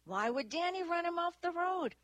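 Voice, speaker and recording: A woman narrator voicing a sharp-tongued, defiant female detective who snaps back sarcastically. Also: mid-range voice, lively intonation, a little slow, dry recording. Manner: snappish, sarcastic.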